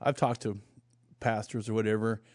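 A man talking casually about ministry, thinking out loud as he goes. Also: on the low side, level tone, moderate pace, no room sound, clean studio sound. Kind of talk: casual conversation.

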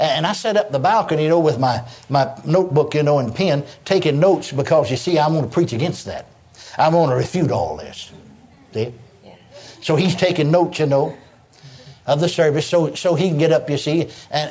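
Here an older male preacher spins stories in his sermon with plenty of repetition and laughter, animated throughout. He speaks at a moderate pace in a voice on the higher side.

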